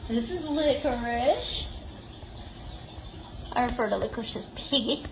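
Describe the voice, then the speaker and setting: High-voiced woman cooing to cats. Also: animated, measured pace, reverberant, a little hiss or hum, rough recording. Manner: cooing baby-talk to cats, frequent laughs. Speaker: shelter volunteer giving a live tour. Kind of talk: casual live-stream tour. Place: indoor cat room at an animal shelter.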